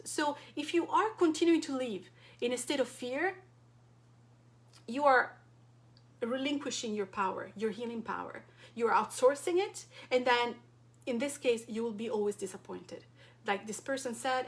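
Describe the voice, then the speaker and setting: Speaking to camera with a fairly high, fairly bright voice and lively intonation, a European woman who coaches wellness addresses her support group at normal speed. She argues passionately, leaning heavily on rhetorical questions.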